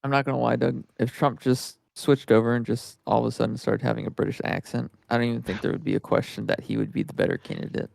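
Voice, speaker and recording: A man with a very gravelly, fry-heavy voice at a middle pitch, trading deadpan dark jokes in casual podcast chat. The sound is close and dry. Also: fast, few pauses, no room sound. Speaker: podcast co-host.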